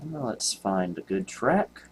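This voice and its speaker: A man's voice: fairly low pitch, expressive, slow pace, a little hiss or hum. A man, rambling and joking at himself with many ums while commenting on gameplay. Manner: rambling, self-mocking, many ums and laughs. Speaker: retro computer video host.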